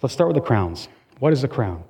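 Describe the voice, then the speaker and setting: A man preaching a sermon as pastor, talking to the congregation in a conversational, emphatic way with quick asides. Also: mid-range voice, very animated, warm tone, breathy edge, long reverb tail.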